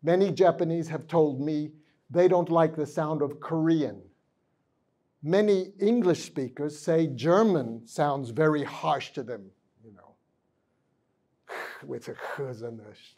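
Man, from the United States, guest lecturer, mellow tone, husky voice, quizzes the audience, switches into Japanese, large conference room. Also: on the high side. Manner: questions the audience and mixes Japanese phrases into English. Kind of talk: university lecture to a live audience.

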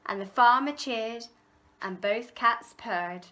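A woman reading a rhyming picture book aloud for children, with a rhythmic, expressive delivery and playful animal noises. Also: on the high side, slow pace. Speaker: library storyteller.

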